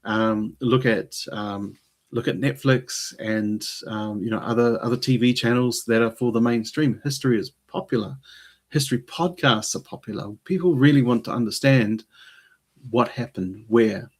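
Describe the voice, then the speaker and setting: A man's voice: mid-range voice, moderate pace. Rambling, hesitant man hosting a live stream. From New Zealand. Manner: rambling, hesitant, many ums. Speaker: channel host. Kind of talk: casual live-stream monologue.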